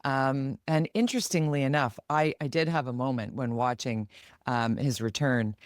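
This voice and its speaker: Podcast co-host, Canadian woman, middle-aged, animated storyteller, dry close mic. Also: rumbling low, no echo. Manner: animated, quick to act out quoted voices. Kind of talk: casual chat.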